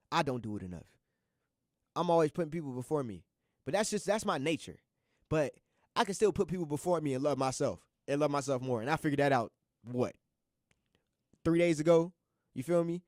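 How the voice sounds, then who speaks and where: On his college radio show, a young man with a fairly high voice gives an easygoing motivational talk, recorded dry with studio quality in the radio studio. He comes across as earnest and slangy, going over the same points repeatedly.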